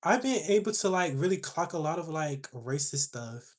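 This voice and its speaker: A young woman hosting a livestream, telling a story to her chat in a sassy, animated way. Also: low-pitched, moderate pace. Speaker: livestream host.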